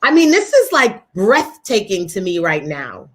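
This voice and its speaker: A woman's voice: mid-range voice, huge pitch swings, a little slow, breathy edge. A woman co-hosting a talk show, speaking emphatically and repeating key words for effect.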